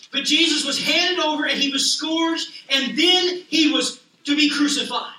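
High bright-voiced preacher in an echoey hall. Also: male voice, fairly even intonation, normal speed, few pauses. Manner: impassioned, swinging from loud to hushed. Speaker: pastor. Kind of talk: sermon. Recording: echoey room, voice a bit distant.

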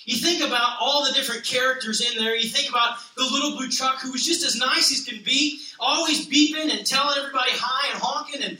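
A man, a pastor, reading a children's picture book aloud with lively expression, then talking casually to open a sermon. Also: extremely high pitch, fairly quick, hardly any pauses, echoey room, recorded from a distance, rough recording.

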